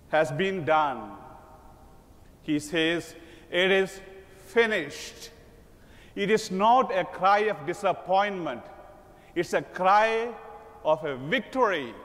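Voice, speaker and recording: A man preaching a sermon as a priest, slow and emphatic, voicing quoted lines with dramatic lift. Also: high voice, fairly bright tone. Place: large church. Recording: long church reverb.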